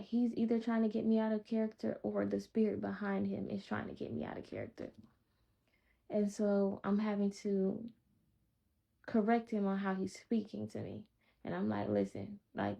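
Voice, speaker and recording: Woman, flat even delivery, calm and blunt, dull lo-fi sound. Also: mid-range voice, vocal fry. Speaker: vlogger sharing a personal testimony. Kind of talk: casual storytelling. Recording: dull lo-fi recording.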